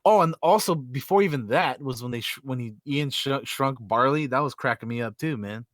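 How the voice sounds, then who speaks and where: A man's voice: medium pitch, a little fast, a bit bright, no echo, studio quality. A man co-hosting a podcast in casual chat, laid-back and slangy, stretching words for emphasis. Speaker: podcast co-host.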